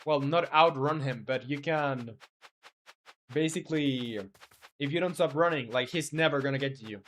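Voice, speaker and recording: A man's voice: fairly high pitch, normal speed, a bit bright, slight background noise. A man talking casually while streaming game development, reading chat aloud and rambling with many fillers.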